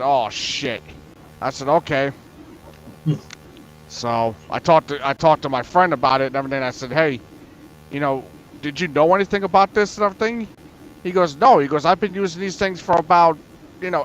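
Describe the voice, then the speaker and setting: A man's voice: fairly high pitch, a bit bright, a little hiss or hum. A man telling a long story in casual chat, rambling with many fillers and frequent swearing. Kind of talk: casual storytelling on an open voice panel.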